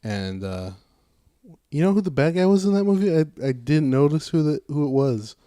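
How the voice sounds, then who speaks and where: A man co-hosting a casual podcast, retelling stories with quick offhand character quotes. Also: a little high, expressive, mellow, clean tone, no room sound, clean studio sound. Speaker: podcast co-host. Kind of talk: casual chat.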